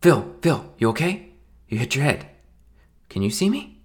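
A man's voice: expressive, normal speed, fairly bright tone, close to an everyday voice. A man voicing an anxious young best man who coaxes his drunk friend in an earnest, rising voice. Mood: urgent coaxing. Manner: earnest, coaxing, rising higher.

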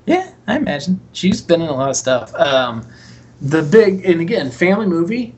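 A man's voice: on the high side, big pitch swings, normal speed, darkish tone. A man co-hosting a podcast, casually recapping a movie and acting out lines from its scenes. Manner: rambling, retells scenes in quoted voices. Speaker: podcast co-host.

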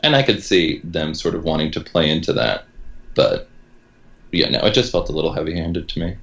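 A man with a very deep, low voice talks through a TV episode in a measured, hedging way, as in a casual podcast chat. The sound is somewhat dull and lo-fi. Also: lively intonation, gravelly, a bit bright. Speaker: podcast co-host.

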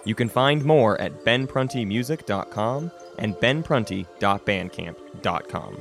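A man's voice: lowish voice, expressive, unhurried, gravelly, music in the background. A man hosting a podcast, recounting a board game session in dramatic storytelling style and chatting casually. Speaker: podcast host.

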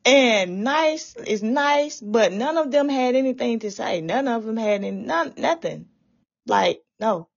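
Slow, husky woman giving fervent testimony. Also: on the high side, lively intonation, lo-fi sound. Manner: fervent, repetitive, often tearful. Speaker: testifying believer. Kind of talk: emotional religious testimony of a dream.

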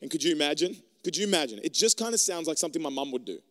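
A man delivers a sermon in a conversational, joking manner, acting out little exchanges as he goes. His voice sits high for a man. It rings with the long reverb of a large hall. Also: lively intonation, very fast. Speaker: preacher. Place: room with an audience.

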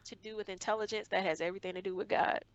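A woman's voice: medium pitch, steady tone, rapid-fire, dry recording, muffled recording. A young woman guest in a conversation, earnestly retelling a hurtful school memory, often acting out what was said. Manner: earnest, emotional retelling with acted quotes. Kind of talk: personal storytelling in conversation.

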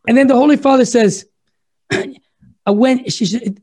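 A man hosting a Catholic radio talk show who tells stories with growing excitement and gets carried away. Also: extremely high pitch, brisk. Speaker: radio host.

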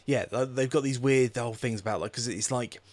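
A man co-hosting a film review podcast, blunt and sweary, with halting restarts. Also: mid-range voice, no room sound. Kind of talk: casual film review chat.

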